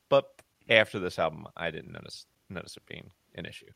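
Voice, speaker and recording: A man's voice: lowish voice, expressive, a little fast, gravelly, a bit bright, no room sound. A man co-hosting a music podcast, talking casually and rambling with fillers and restarts. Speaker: podcast co-host. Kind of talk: casual music review chat.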